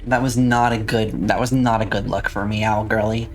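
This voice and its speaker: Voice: medium pitch, level tone, moderate pace, faint music behind. A streamer in a casual let's-play, chatting along and reading and answering viewers' messages aloud.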